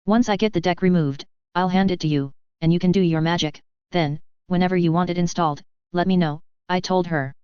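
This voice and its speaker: A woman with a lowish, very clean voice reads a first-person story at a steady, even pace. The recording is dull and lo-fi, and it sounds dry and close. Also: fairly quick, few pauses, clear, resonant tone, dry recording. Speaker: audiobook narrator. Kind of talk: first-person fiction narration.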